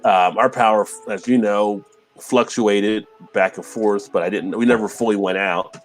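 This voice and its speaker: A man's voice: on the low side, normal speed, faint music behind. Laid-back man hosting a beer stream. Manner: laughs often, relaxed rambling. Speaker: live stream host. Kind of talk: casual chat reading viewer comments.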